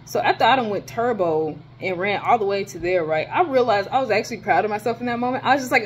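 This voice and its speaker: A young woman telling a rant in a casual vlog from her dorm, animated and profane, her voice jumping high when she exclaims. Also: fast, hardly any pauses, slight background noise. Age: young adult. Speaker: vlogger.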